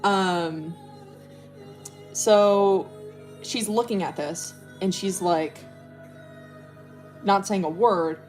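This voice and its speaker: A woman's voice: medium pitch, drawn-out words, long pauses, faint music behind. A woman livestreaming as she draws, telling a story in a rambling, profane way full of fillers. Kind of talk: casual storytelling while drawing.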